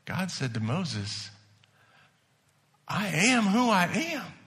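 A male pastor delivers a sermon, his voice bright and forceful. He sits slightly high in pitch, dropping to a hush and then rising to emphatic declarations. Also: big pitch swings, slow. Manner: preaching, shifts between hushed and emphatic.

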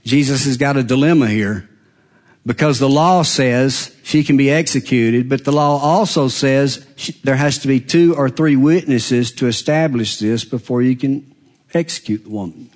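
A man preaching a sermon, swinging dramatically between hushed, quiet passages and loud, raised ones. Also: mid-range voice, moderate pace.

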